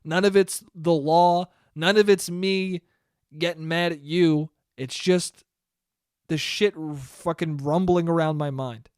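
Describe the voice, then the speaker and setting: A man's voice: fairly high pitch, fairly even intonation, slow, darkish tone, smooth, no room sound, clean studio sound. A young man hosting a solo podcast in a casual, rambling, profane and self-deprecating way. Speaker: podcast host.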